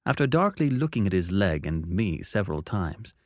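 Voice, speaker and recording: A man giving expressive, dramatic first-person narration of a classic novel. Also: low-pitched, normal speed, no room sound, studio quality.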